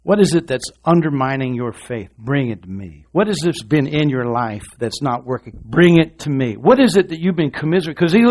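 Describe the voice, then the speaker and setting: A man preaches a sermon, shifting from quiet, low speech into loud, shouted stretches and repeating phrases for emphasis. His intonation is lively and his delivery brisk, with few pauses.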